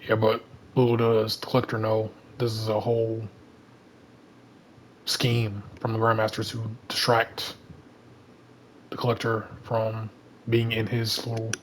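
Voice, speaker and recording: A man's voice: on the low side, monotone, unhurried, long pauses, slight background noise, poor audio. A man from Alabama with a Southern American accent who reads a comic aloud and then talks it through, rambling with many fillers. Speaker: comic reader and commentator. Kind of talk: casual comic read-through and breakdown.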